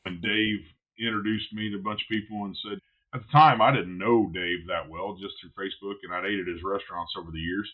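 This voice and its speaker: A man with a fairly low voice tells stories on a podcast in a blunt, animated way, cursing freely. He is a barbecue pitmaster and the guest. The recording sounds a bit dull and lo-fi. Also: brisk. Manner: animated, blunt, swears freely, relives moments in quotes. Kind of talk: casual podcast storytelling.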